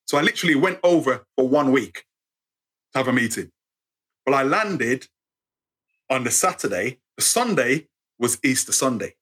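An English man in his fifties with an English accent, telling stories in an interview in an animated way and acting out the voices he quotes. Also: medium pitch, normal speed, long pauses, slightly rough. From England. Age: 50s. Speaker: guest storyteller. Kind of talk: interview storytelling.

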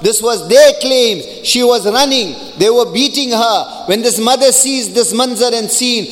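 Man preaching, emphatic and rhetorical, high voice, long hall reverb. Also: expressive. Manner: emphatic, rhetorical, recites Arabic verses quickly. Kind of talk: sermon.

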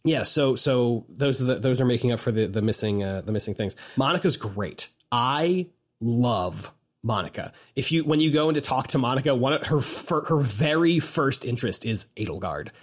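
A man co-hosting a casual podcast, recapping a video game in an excitable, rambling way with lots of fillers. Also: mid-range voice. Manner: rambling, excitable, quick asides and frequent fillers. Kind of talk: casual chat.

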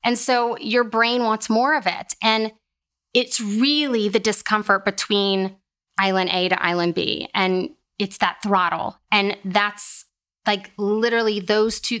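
Chatty woman therapist explaining. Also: medium pitch. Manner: chatty, animated, acts out quoted voices. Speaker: occupational therapist guest. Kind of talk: casual podcast interview.

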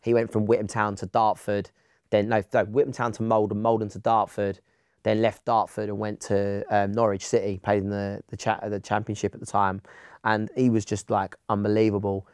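A man's voice: lowish voice, little pitch movement, normal speed, darkish tone, smooth, dry recording, studio quality. A man with an Essex accent, a podcast guest telling stories in casual chat, with lots of restarts. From England. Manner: chatty storyteller, many restarts.

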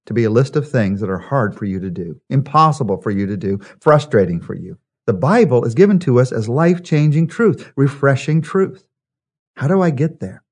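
A man teaching a Bible devotional, stressing key words slowly and asking rhetorical questions. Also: medium pitch, a little mellow. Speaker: pastor.

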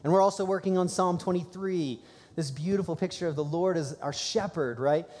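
Man, pastor, conversational sermon, excited bursts, church service, long hall echo. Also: sits high, fairly quick.

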